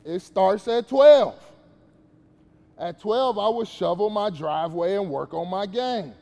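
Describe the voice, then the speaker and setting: A man's voice: high-pitched, animated, a little slow, creaky, warm tone, long reverb tail. A man giving a casual, slangy motivational talk to young players at a basketball camp, questioning the kids as he goes.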